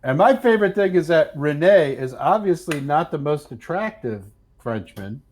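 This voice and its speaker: A man's voice: a little high, very animated, moderate pace, a little mellow, a little hiss or hum. A man in casual live-stream chat, telling stories and explaining things at length with enthusiasm.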